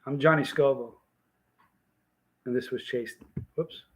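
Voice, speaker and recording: A man's voice: medium pitch, steady tone, unhurried, slight background noise, rough recording. A man hosting a casual livestream, telling a story in a rambling, emphatic way and often restarting his sentences. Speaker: vlog host.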